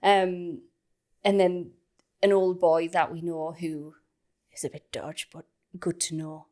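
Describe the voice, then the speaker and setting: Lively woman telling a story. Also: on the low side, takes it slowly. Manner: animated, laughing, acting out other people's lines. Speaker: podcast co-host. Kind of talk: casual storytelling chat.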